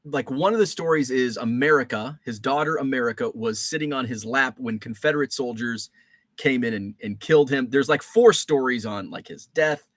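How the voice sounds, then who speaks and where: A man's voice: medium pitch, normal speed, dry recording, clean studio sound. A man hosting a casual live stream, greeting viewers from the chat and telling rambling stories full of fillers and restarts.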